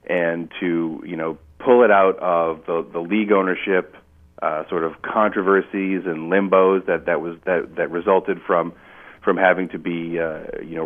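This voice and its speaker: Deep-voiced man on a tinny phone line. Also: no echo. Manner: rambling, halting, many fillers. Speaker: podcast co-host. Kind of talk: casual chat.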